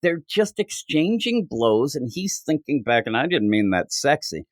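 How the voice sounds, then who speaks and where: A man co-hosting a casual comics podcast, reading panel lines aloud in put-on voices and tripping over his words when he gets excited. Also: medium pitch, normal speed, no echo, clean studio sound. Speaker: podcast co-host. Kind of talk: casual chat about comics.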